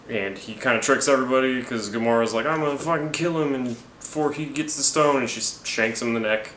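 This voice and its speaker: A man's voice: on the low side, pushed and bright, slight background noise. A man giving a rambling, jokey, profane movie recap. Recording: roomy with faint ambience.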